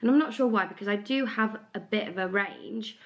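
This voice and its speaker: A woman's voice: medium pitch, a little fast, a bit bright, dull audio. A young woman from the UK chatting casually in a vlog about musical rehearsals, bubbly and filled with "like", sounding a little bunged up and tired. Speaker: vlogger, musical theatre performer.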